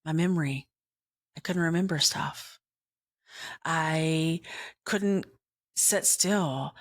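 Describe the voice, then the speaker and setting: A woman's voice: low voice, slow, dry recording, studio quality. A middle-aged woman hosting a podcast, telling a rambling personal story and acting out bits of dialogue in other voices. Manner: animated, rambling, acts out dialogue with whispered asides. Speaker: podcast host. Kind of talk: casual storytelling monologue.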